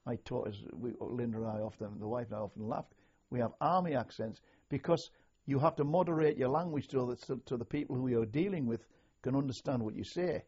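An older man from north-east England, an army veteran, recalling his service in a measured, anecdotal way for an oral history interview. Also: mid-range voice, dark tone, breathy edge. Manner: measured, anecdotal, slow when quoting orders. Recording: dull lo-fi recording.

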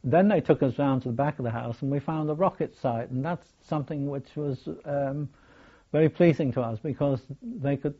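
An older man, recalling his wartime experiences in a hesitant, halting way full of restarts. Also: mid-range voice. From England. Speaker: war veteran telling his story. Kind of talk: oral history recollection. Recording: dull lo-fi recording.

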